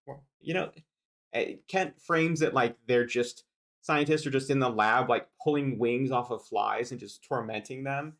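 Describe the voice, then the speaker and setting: A man hosts a livestream and reacts out loud in a relaxed, meandering way. His voice sits at an ordinary middle pitch, and he pads his thoughts with fillers. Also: unhurried. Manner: conversational, many fillers and asides. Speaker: livestream host reacting to a debate video. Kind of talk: casual commentary.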